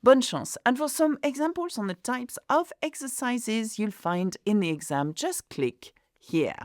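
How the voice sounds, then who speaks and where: A woman tutor giving a clear, deliberate video lesson on exam tips, reading out French examples. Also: on the high side, no room sound, studio quality.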